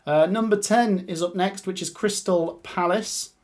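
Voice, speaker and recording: Excitable man calling a cup draw. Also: sits high, unhurried. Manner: chatty and excitable, laughs often, calls out the results. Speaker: streamer hosting a live watch-along. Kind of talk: live reaction commentary.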